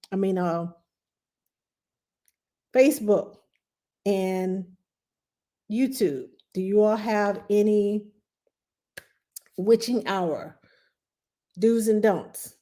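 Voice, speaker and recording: A middle-aged woman hosts a live question-and-answer stream as a nanny. Her voice is warm and relaxed, her pitch sits in the middle, and she talks in a loose, chatty way, reading viewer questions aloud as she goes. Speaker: nanny giving parenting advice.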